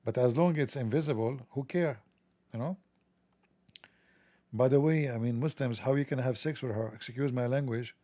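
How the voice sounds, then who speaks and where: A man's voice: mid-range voice, moderate pace, long pauses, warm tone, dry recording. A man hosting a livestream, delivering a sarcastic, joking, mocking monologue. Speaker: livestream host.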